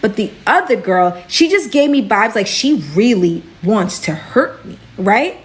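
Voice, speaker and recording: A young woman from Brooklyn tells a storytime vlog. She is animated and chatty, dropping "like" and "right?" all through it. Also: medium pitch, unhurried. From Brooklyn, New York.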